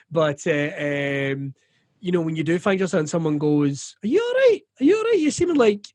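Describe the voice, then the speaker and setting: Sweary, animated Scottish man. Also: a little high, no room sound. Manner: animated, sweary, acts out quoted voices. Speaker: comedian guest. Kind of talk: candid conversational interview.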